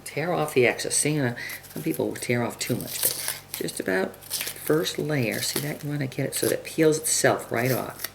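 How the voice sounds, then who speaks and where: A woman giving a casual cooking demonstration in her home kitchen, chatting and clearing her throat often. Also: a bass voice, normal speed. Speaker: home cook demonstrating a recipe. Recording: home video with kitchen noise. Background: chopping, dishes and cutlery clatter.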